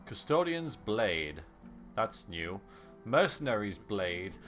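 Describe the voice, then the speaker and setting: Chatty male game streamer, bright voice. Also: lowish voice, sing-song, slow. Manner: chatty, joking, laughs often. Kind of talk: casual live-stream commentary. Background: faint game music.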